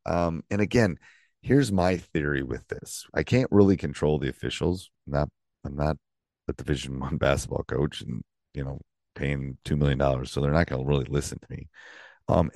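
Deep-voiced man hosting a coaching podcast. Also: a little mellow, dry recording. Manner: rambling with fillers and restarts. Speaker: basketball coach and podcast host. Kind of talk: casual solo podcast talk.

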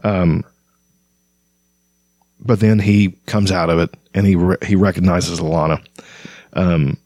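Deep-voiced man chatting about a book. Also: fairly even intonation, a little slow, darkish tone, no echo, studio quality. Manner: conversational with frequent fillers and restarts. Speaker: book discussion host. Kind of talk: casual book commentary.

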